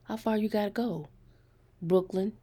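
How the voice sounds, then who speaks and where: A woman's voice: mid-range voice, unhurried, mellow, husky, voice pushed up. Woman reading a friendly young southern college guy. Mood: chatty. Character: young man, college student from the South, easygoing. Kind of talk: audiobook character reading.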